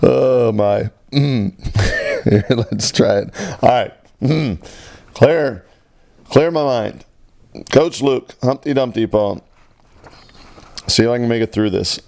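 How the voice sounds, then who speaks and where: A man's voice: fairly low pitch, vocal fry, a little mellow, no echo. A man, a coach, recording himself as he tries to recite a nursery rhyme and keeps breaking into giggles.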